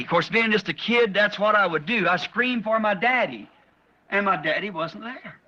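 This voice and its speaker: Man preaching on a dull old lo-fi tape, high sharp voice, folksy storytelling with lots of repeated words. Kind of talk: sermon testimony. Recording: dull lo-fi archive sermon tape.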